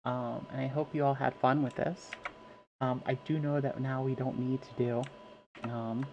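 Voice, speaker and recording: Gravelly-voiced male streamer. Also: medium pitch, level tone, measured pace, lo-fi sound, slight background noise. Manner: rambling, with many fillers. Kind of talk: casual live-stream chat.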